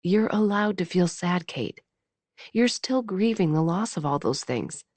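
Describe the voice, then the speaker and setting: A woman voicing a gentle young man who talks softly and reassuringly to a grieving woman in an audiobook. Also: on the low side, expressive, a little slow, no echo. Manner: soft, hushed and reassuring.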